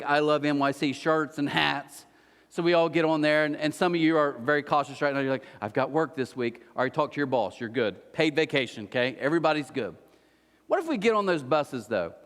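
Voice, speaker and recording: A man preaching a sermon as pastor, telling stories with energy and acting out the voices of the people in them. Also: fairly high pitch. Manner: animated storytelling, acts out voices. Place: large church hall. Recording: reverberant church hall.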